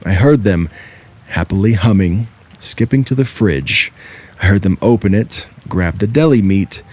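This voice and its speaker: A man with a very deep, low voice narrates true horror stories. He reads in a steady, measured way, like scripted narration.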